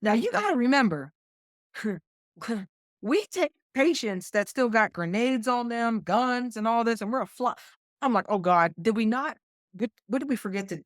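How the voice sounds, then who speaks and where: A middle-aged woman with a West Virginia accent, a combat flight nurse telling a story as a podcast guest, animated and acting out what others said. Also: medium pitch, dry recording, studio quality. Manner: animated, quotes others in lively voices. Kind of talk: conversational storytelling.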